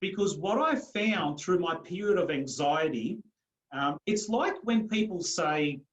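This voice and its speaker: A man's voice: a little high, lively intonation, unhurried. A middle-aged man tells his personal story earnestly in a podcast interview. He talks emphatically and repeats phrases with growing force. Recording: roomy echo.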